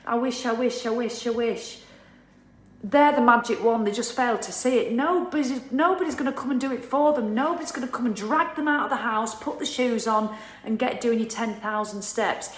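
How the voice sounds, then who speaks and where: A woman talks straight to camera in a casual motivational rant, blunt and animated, with the odd swear and a laugh at herself. Her voice sits a little high, and the room gives it a clear echo. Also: brisk. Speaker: motivational vlogger.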